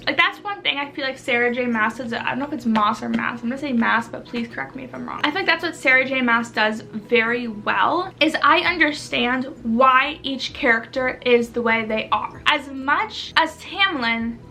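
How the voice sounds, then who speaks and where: A woman's voice: high-pitched, moderate pace, creaky, hardly any pauses, sharp tone. A young woman vlogging casually about a book she is reading, gushing, emotional and breathless as she talks.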